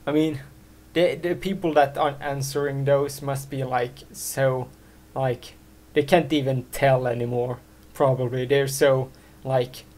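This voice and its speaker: Guy talking slow, lots of likes and uhs, laid back chat. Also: mid-range voice, darkish tone. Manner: halting, full of filler words, laughs easily. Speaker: podcast host. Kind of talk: casual chat.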